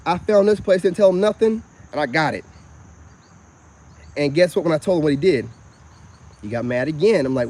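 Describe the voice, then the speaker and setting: A man rambles through a long personal story, his voice sitting a little high for a man. He talks casually and animatedly to the camera, out of doors, with crickets chirping behind him. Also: normal speed, pauses often. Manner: rambling, animated storytelling with frequent "you know what I'm saying". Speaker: self-styled spiritual vlogger.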